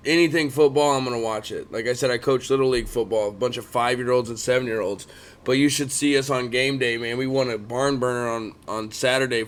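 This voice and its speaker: A man in his thirties co-hosting a casual sports chat, talking fast and swearing often. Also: mid-range voice. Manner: profane, animated, keeps complaining he yawns. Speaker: podcast co-host.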